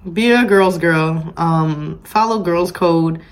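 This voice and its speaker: A woman's voice: fairly low pitch, slow pace. A woman co-hosting a casual chat podcast, talking emphatically and repeating her points to drive them home. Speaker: podcast co-host.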